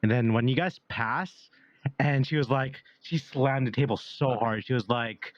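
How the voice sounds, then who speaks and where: A young man co-hosting a podcast, relaxed, chiming in with quick anecdotes. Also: medium pitch, no echo, highs cut off. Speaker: podcast co-host. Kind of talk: casual chat.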